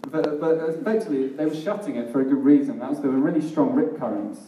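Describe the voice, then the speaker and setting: A man's voice: a little high, mellow. A man preaching a sermon in a casual, self-deprecating way, often laughing at himself. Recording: echoey hall, mic at a distance.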